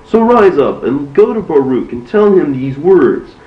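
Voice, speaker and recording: A man's voice: fairly high pitch, sing-song, a little slow. Solemn commanding God voice, a man reading it out, roomy distant room sound. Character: the Lord, commanding male divine voice. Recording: distant, roomy, dull recording.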